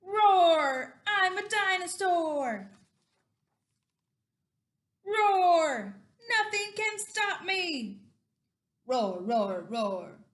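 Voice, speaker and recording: A woman voicing a tough, loud little dinosaur boy who roars and shouts to win everything, for a children's picture book story time. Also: extremely high pitch, big pitch swings, very slow, pauses often, pitched above the performer's own voice, heavily acted. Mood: roaring. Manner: roaring, shouting. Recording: roomy echo.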